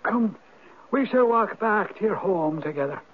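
An actor playing an ancient Viking spirit turned Irish hermit who speaks in a measured, knowing, gently probing way, in a 1970s radio drama. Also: male voice, high voice, lively intonation, a little hiss or hum. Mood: instructing. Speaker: Old Man of the Rock. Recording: tinny lo-fi old radio broadcast.

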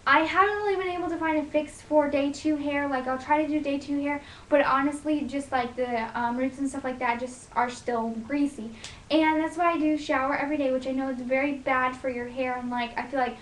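A woman's voice: high voice, steady tone, brisk, a little hiss or hum. A young woman vlogger giving a casual hair tutorial, rambling and emphatic, with lots of fillers. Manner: loud, emphatic delivery. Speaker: beauty vlogger. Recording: echoey room.

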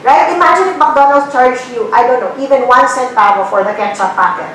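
A Filipino woman giving a guest lecture to a business class, blunt and animated, firing off rhetorical questions. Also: sits high, brisk, recorded from a distance, slight background noise. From Philippines. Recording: very echoey room recording from afar.

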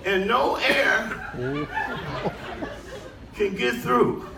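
An older man performing a stand-up comedy set on a cruise ship, telling stories in an animated way and shouting his punchlines. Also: drawn-out words, creaky. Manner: animated storytelling, shouting punchlines, high-pitched put-on cries. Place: cruise ship show lounge with a live audience. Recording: roomy live audio from far off, loud crowd.

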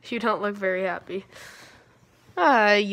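A woman's voice: medium pitch, fairly bright tone. A teenage girl vlogging at home on her phone, chatting playfully to her dogs and viewers. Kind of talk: casual vlog talking to dogs and viewers. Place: family home, indoors. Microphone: phone camera.

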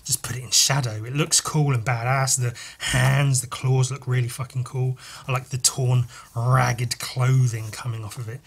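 A man hosting a podcast, over-caffeinated and chatting casually while flipping through comics. He rambles and swears, with jumpy, excited talk. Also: moderate pace, vocal fry, hardly any pauses, husky. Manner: wired, rambling and profane, jumping in pitch. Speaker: podcast host and comic artist.

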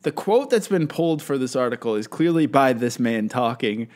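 A man's voice: mid-range voice, expressive, moderate pace, noisy background. A man hosting a podcast, reading out a news story in casual chat and laughing often. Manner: giggly, laughs often, loose and joking. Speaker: podcast host.

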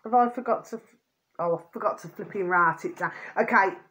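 A woman vlogger talks a little fast in a mid-range, fairly bright voice, rambling and repeating herself to viewers. She's often irritated and venting, relies on pet phrases, and asks "do you see what I mean" throughout this casual monologue.

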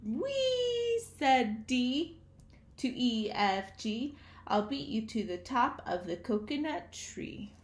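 A woman reading a picture book aloud to young children, slow and animated, stopping to ask her listeners questions. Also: a little high, reverberant.

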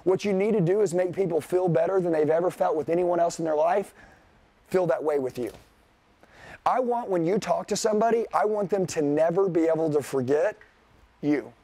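A sales trainer with a high, warm voice talks briskly to a live audience at a motivational sales seminar. He is blunt, profane and fired-up, addressing the crowd directly, and there is no echo.

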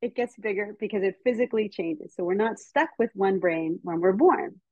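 An American woman giving a lively, chatty talk to teachers and parents over a video call, with frequent ums. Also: medium pitch, moderate pace, no room sound. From United States. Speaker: speaker on child development. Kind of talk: casual lecture to teachers and parents. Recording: dull, slightly muffled video call audio.

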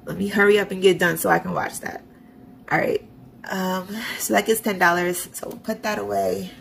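Chatty woman with heavy vocal fry. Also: medium pitch, fairly even intonation, moderate pace, fairly bright tone, slight background noise, rough recording. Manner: chatty, sarcastic asides, talks to herself. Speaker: budgeting vlogger. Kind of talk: casual narration of online banking.

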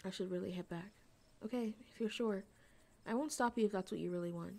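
A woman's voice: mid-range voice, brisk, vocal fry, darkish tone. A woman reading the lines of an earnest, eager young woman who hunts cryptids and reassures her friend. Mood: caring. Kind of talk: reading game dialogue aloud.

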